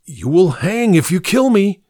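A man's voice: big pitch swings, normal speed, creaky, no room sound, clean studio sound, heavily acted. A man voicing a terrified male salesman in a read-aloud story, stammering and pleading for his life. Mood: desperate. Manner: stammering, pleading, high and frantic. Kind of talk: dramatic story reading.

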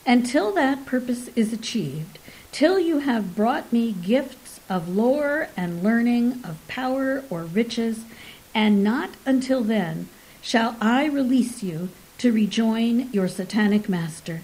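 A woman's voice: on the high side, expressive, takes it slowly, darkish tone, rough recording. A woman voicing a gloating Elizabethan conjurer. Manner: archaic, declaiming. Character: boastful Elizabethan male conjurer, gleeful, commanding.

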